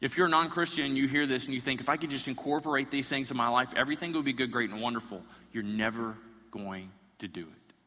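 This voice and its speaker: A man's voice: mid-range voice, fast, pushed and bright. A man preaching a sermon as pastor, building in intensity with repeated phrases and acted-out quotes. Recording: long reverb from a large hall.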